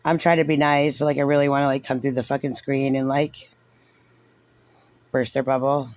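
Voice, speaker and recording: A man's voice: mid-range voice, flat delivery, normal speed, dry recording. A man giving casual, sarcastic and frustrated reaction commentary on a recorded meeting, saying "like" constantly. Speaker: parent reviewing a recorded meeting.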